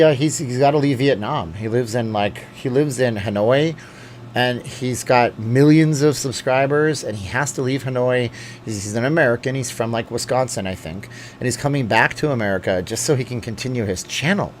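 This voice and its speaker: A man's voice: mid-range voice, moderate pace, a little hiss or hum. A man hosting a casual live chat, reading viewer comments aloud and rambling at home. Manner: chatty, rambling, talks straight to viewers. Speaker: live-stream host. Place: at home with a dog at his feet.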